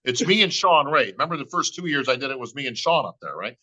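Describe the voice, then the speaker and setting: A middle-aged bodybuilding emcee tells a long story on a podcast, acting out both sides of the conversations and saying "bro" and "right?" constantly. His medium-pitched voice is expressive, fast, and sharp, in a low-quality recording.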